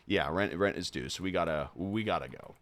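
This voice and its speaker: A young man streaming a horror game live, rambling off on tangents with frequent swearing and laughter, and reading the on-screen text aloud quickly. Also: low voice, fairly bright tone. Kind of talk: live gameplay commentary.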